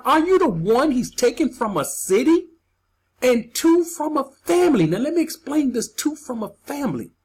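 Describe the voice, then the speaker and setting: A woman preaching with a fairly high, husky voice that swoops up and down with emphasis. She hammers key phrases again and again and fires rhetorical questions at her listeners. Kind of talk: sermon.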